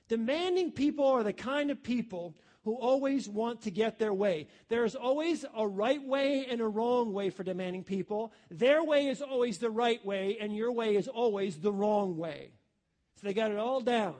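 A man's voice: very high-pitched, a little mellow. A man preaching a sermon, emphatic and repeating his key phrases, calling listeners his friends.

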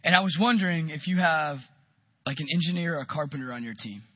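A man preaching a sermon, telling a story with lively, animated delivery and acting out quotes. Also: a little high, fast talker, dry recording, lo-fi sound. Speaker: pastor.

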